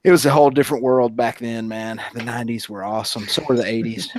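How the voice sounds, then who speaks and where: A man's voice: medium pitch, flat delivery, quick pace. A middle-aged man chatting bluntly and casually while working in a garage. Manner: laid-back, blunt. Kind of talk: casual chat. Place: home garage.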